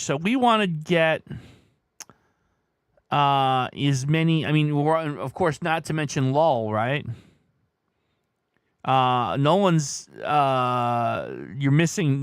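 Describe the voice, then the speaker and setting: Lively slow-talking man, casual stream host. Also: fairly high pitch, clean tone, no echo, studio quality. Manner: thinks aloud, musing over guesses and chatting with viewers. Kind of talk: casual live-stream chat.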